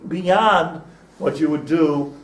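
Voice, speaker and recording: Rabbi teaching in a roomy echoey class. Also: male voice, a little high, slow. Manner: conversational, digressive, anecdotal, mixes Hebrew and Yiddish terms. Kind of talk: informal Torah class. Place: classroom with small group. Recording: echoey room, distant mic, faint noise.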